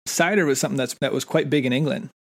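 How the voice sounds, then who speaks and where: A man with an American accent co-hosting a casual podcast chat, earnest and thoughtful, often pausing and restarting sentences. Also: mid-range voice. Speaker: podcast co-host.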